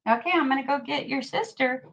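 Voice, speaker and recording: A woman's voice: high-pitched, fairly quick, vocal fry, a bit bright. A woman vlogging from home, talking casually to her viewers and her dogs, teary-eyed. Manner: chatty, tearful, talks to her dogs. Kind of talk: casual livestream chat.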